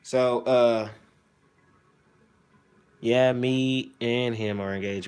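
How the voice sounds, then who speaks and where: A man hosts a relaxed livestream, joking and teasing the viewers in his chat. His voice sits at an ordinary middle pitch and comes through an iPhone on a selfie stick. Soft music plays faintly under his talk. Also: unhurried. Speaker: streamer hosting his own channel.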